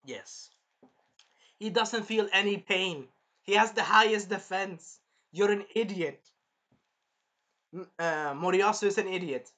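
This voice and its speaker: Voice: mid-range voice, measured pace, long pauses. A person giving a casual, rambling spoken review of an anime episode, swearing freely and drifting off topic. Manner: rambling, profane, jumps into loud impressions of characters.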